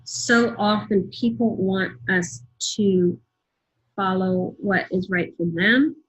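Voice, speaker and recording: A woman's voice: mid-range voice, steady tone, slow pace, slightly rough, poor audio. A woman hosting a podcast interview, affirming and encouraging her guest. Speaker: podcast host.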